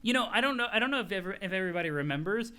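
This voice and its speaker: A man streaming a live reading, excitable and laughing often as he talks to chat. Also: high voice, racing, clean tone.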